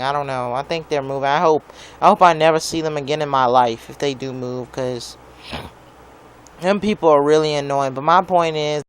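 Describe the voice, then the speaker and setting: This time the young vlogger's voice sits on the high side and sounds smooth as he goes off on his neighbors in a rambling, profane rant to camera. "Like" pops up constantly in his speech.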